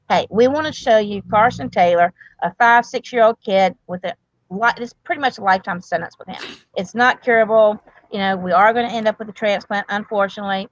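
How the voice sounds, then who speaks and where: A woman's voice: medium pitch, a little fast, no room sound, dull audio. A woman, a grandmother and medical provider, talking earnestly and at length in a casual interview, with many restarts. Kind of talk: emotional casual interview talk.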